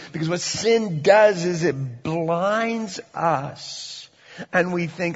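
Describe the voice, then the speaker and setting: A man preaching a sermon in a church, swinging between loud, dramatic lines and hushed, drawn-out ones. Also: sits high, slightly rough, big-room sound, dull audio. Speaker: pastor. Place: church hall.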